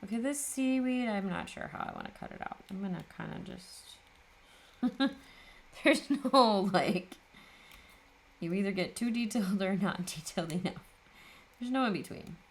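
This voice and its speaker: A woman's voice: medium pitch, expressive, a little slow, gravelly, long pauses. A woman hosting a papercraft video, chatting casually and tiredly as she works, often laughing at herself. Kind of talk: casual chat while crafting.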